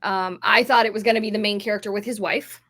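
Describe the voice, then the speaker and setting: A woman's voice: medium pitch, fairly even intonation, fast talker, sharp tone. A woman co-hosting a podcast in casual chat, rambling with lots of fillers, sounding a little tired. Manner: chatty, rambling, many fillers. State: yawning, tired. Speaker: podcast co-host.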